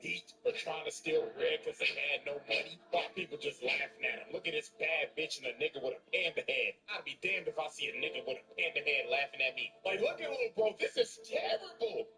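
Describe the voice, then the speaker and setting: Young male comic narrator, crude and slangy, lively swings in pitch. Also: a little fast, few pauses, music in the background. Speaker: gaming video narrator. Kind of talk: comedic story recap.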